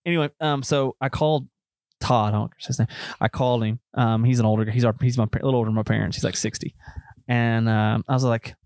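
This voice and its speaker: A man's voice: medium pitch, fairly even intonation, fast talker, darkish tone, no room sound, clean studio sound. A man chatting on a podcast, telling rambling jokey stories. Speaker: podcast co-host. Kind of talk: casual chat.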